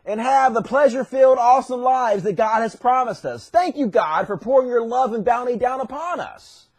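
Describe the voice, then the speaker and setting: A man's voice: very high-pitched, expressive, moderate pace, a little mellow, no echo, full character voice. A man voicing a naive, grateful crowd in a mock-cheerful tone.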